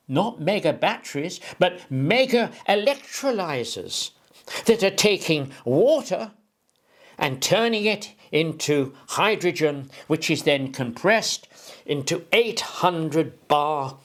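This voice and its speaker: Guy slowly talking thru an engineering idea, voice swoops up and down a lot, rambles off on tangents. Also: a little high, lively intonation. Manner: rambling, digressive, with homely analogies. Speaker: presenter explaining an engineering idea. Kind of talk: informal explainer talk.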